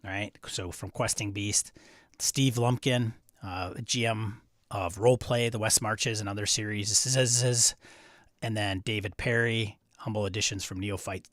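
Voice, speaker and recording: A man's voice: fairly low pitch, steady tone, a little slow, a bit bright, dry recording, clean studio sound. Chatty man with a Wisconsin accent. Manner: chatty, answering viewer chat aloud. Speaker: host. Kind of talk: casual livestream chat.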